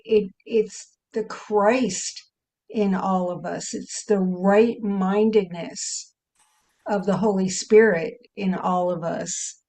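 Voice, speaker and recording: A woman sharing reflections in a spiritual study group, animated and laughing often, with lively emphasis when she quotes. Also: medium pitch. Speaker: group participant.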